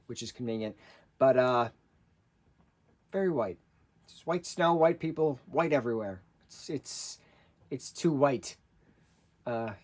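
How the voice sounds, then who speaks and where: A man in his thirties giving a casual, rambling spoken review, with frequent restarts and fillers. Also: mid-range voice. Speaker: vlogger reviewing a TV special.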